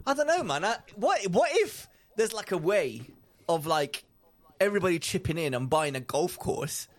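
Guy, lively up-and-down voice, excitable rambling podcast chat. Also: high voice, moderate pace. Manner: excitable, rambling, laughs often, trails off mid-thought. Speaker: podcast co-host. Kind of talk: casual chat.

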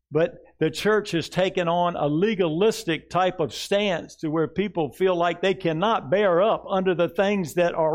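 A man preaching a sermon to a congregation, earnest, asking rhetorical questions and dropping soft for tender asides. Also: high-pitched. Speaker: pastor. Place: church sanctuary before a congregation.

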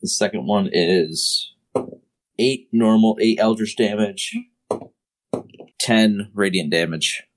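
A man playing a tabletop role-playing game, swearing heavily and mocking another player's character. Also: lowish voice. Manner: profane, mocking, reads dice rolls slowly. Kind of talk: tabletop role-play banter.

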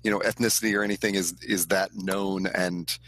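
A man co-hosting a casual podcast, who talks in a hesitant, halting way. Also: low-pitched, flat delivery, a bit bright, no room sound. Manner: hesitant, halting, laughs often. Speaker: podcast co-host. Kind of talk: casual chat about movies.

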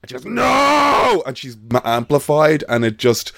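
A man's voice: medium pitch, fairly even intonation, a little fast, a loud crowd. A man in casual chat, animatedly telling a story and acting out the voices of the people in it. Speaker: podcast guest.

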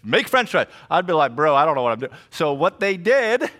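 A middle-aged man preaching a sermon as pastor, telling stories with jokes and lively asides. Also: fairly high pitch, brisk. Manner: animated storytelling with jokes and asides.

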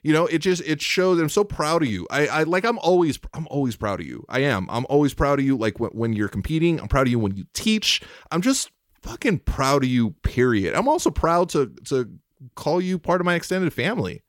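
A man co-hosting a podcast who talks in a heartfelt, emotional way, stumbling and restarting as he goes. His voice sits a bit high for a man, and the recording is dry and close to the mic. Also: very animated, brisk, dry recording. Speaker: podcast co-host. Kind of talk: casual chat.

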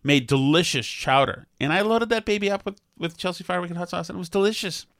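A man's voice: sits high, fairly quick, a bit bright, dry recording, studio quality. A man in his fifties hosting a podcast, joking and rambling in casual chat. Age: 50s. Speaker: podcast host.

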